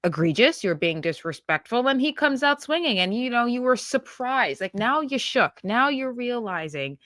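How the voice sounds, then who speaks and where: A woman's voice: a little high, big pitch swings, moderate pace, a bit bright, dry recording, clean studio sound. A woman hosting a political commentary show, reacting bluntly and scornfully to a news clip she plays.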